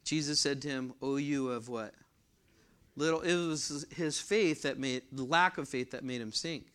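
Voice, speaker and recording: A middle-aged man preaching a verse-by-verse sermon, reading scripture louder and adding asides. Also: medium pitch, normal speed, smooth. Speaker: pastor.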